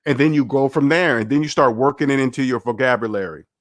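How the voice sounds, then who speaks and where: A man's voice: mid-range voice, fast, no echo. A man hosting a finance livestream, rambling and candid as he reads the chat aloud and chats casually.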